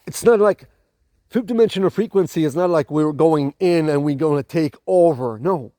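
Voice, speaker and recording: A man with a noticeably high voice and a non-native accent delivers an emphatic spiritual monologue to camera. He preaches dramatically, repeating and restarting phrases as he presses his points. The recording is dry and close, with no room sound. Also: moderate pace, dark tone, no echo. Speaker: spiritual channel host.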